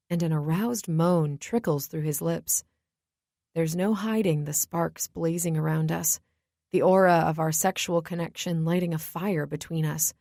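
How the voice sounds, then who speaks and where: A woman narrates a romance in the first person with a low, gravelly voice. Her reading is slow, hushed and intimate, with a warm, mellow tone. The recording sounds dry and close. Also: no echo. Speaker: audiobook narrator.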